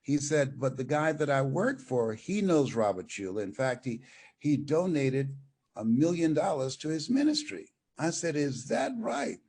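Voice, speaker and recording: A man's voice: mid-range voice, measured pace, slight background noise. An older man, a motivational speaker, telling stories as an interview guest and acting out the dialogue. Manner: animated storyteller, acts out dialogue. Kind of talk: storytelling interview.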